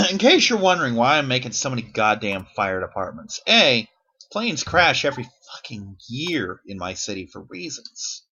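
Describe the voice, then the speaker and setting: A man's voice: medium pitch, very animated, moderate pace, pushed and bright, slightly rough, dull audio. A man rambling through casual gameplay commentary as a YouTuber, swearing freely and poking fun at himself. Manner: rambling, profane, self-deprecating.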